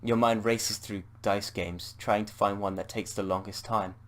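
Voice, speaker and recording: A man's voice: on the low side, fairly even intonation, moderate pace. A man with a British accent reading a text adventure game aloud as he plays, playful and swearing at his slip-ups. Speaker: gamer.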